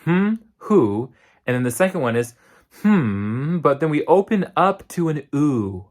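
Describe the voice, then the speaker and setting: A man's voice: fairly high pitch, big pitch swings, a little slow, darkish tone. Guy with a tired voice doing a singing lesson, explains step by step, sings little demo words. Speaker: voice teacher.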